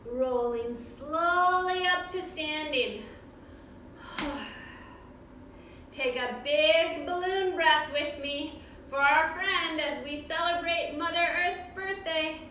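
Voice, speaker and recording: Leading a yoga class for children, this woman sounds cheerful, sing-song and encouraging. She speaks slowly in a high, bright voice with a forceful tone, captured with slight background noise and a roomy echo from far off.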